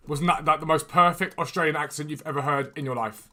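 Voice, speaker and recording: A man hosting a gaming livestream, chatting quickly and enthusiastically as he trades and answers questions from chat. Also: fairly high pitch, fairly even intonation, pushed and bright. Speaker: gaming streamer and video host. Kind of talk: casual livestream chat while trading in a football game. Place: room at home with a door.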